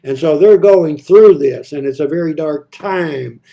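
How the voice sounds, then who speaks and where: High-voiced, mellow-toned man preaching plainly. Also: unhurried. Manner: conversational, reads scripture aloud then explains it; frequent hesitations and repeated words. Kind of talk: midweek devotional Bible study.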